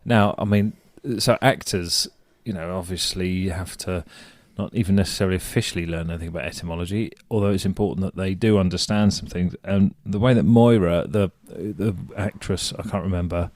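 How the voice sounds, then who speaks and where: A man's voice: deep voice, fairly even intonation, a little fast, few pauses, a little mellow, no echo. A man co-hosting a podcast in casual chat, jokey and teasing. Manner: jokey, teasing, laughs often. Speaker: podcast co-host.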